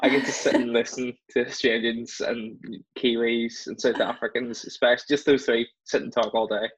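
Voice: medium pitch, little pitch movement, brisk, husky, dry recording, poor audio. An interviewer, asking questions in an easygoing, effusive way. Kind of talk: casual interview chat.

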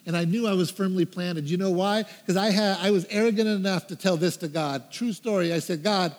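A man's voice: sits high, brisk, hardly any pauses, big-room sound. A man preaching a story-driven sermon, acting out his own prayers and the advice people gave him. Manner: animated, acts out his own prayers and quotes. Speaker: pastor.

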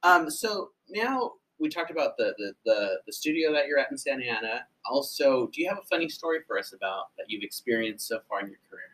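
A man hosting a casual podcast interview, asking questions hesitantly with many stumbles and quick laughs. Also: medium pitch, big pitch swings, a bit bright, rough recording. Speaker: podcast host.

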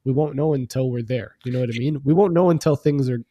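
A man's voice: mid-range voice, quick pace, no room sound, lo-fi sound. A Canadian man in casual chat, hedging and filling his sentences with "like" and "you know.". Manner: hedging, uses many fillers.

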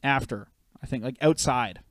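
A man's voice: medium pitch, moderate pace, dry recording. A man in his thirties from Canada, co-hosting a podcast and telling long rambling stories full of swearing. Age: 30s. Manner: rambling, swears a lot, storytelling. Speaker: podcast co-host. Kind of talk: casual chat.

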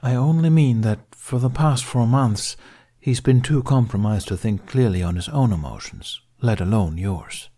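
A man voicing a calm older male mentor who speaks patiently with gentle amusement. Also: medium pitch, moderate pace, voice pushed up, close to an everyday voice.

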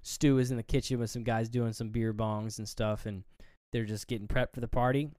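A man's voice: medium pitch, steady tone, fairly quick, darkish tone, no echo, clean studio sound. A man co-hosting a casual movie review chat, rambling and swearing as he acts out scenes. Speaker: podcast co-host.

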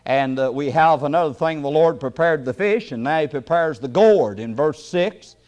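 A man preaching a sermon in a folksy way, chuckling often and hesitating with fillers, then rising into loud emphatic bursts. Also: fairly high pitch, moderate pace, dull audio.

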